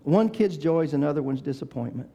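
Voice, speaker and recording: An older man preaching a sermon, swinging between loud, shouted exhortation and quiet, chatty family stories. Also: fairly high pitch, animated, quick pace, highs cut off. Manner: preaching that swells to shouting, then drops into soft storytelling. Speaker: pastor. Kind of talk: sermon with storytelling.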